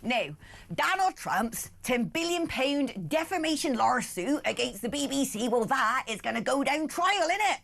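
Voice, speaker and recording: A woman's voice: high voice, sing-song, a little slow, vocal fry, fairly bright tone, exaggerated voice. Woman putting on a broad West Country yokel. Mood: mischievous. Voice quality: exaggerated rural drawl, folksy slang. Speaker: TV host.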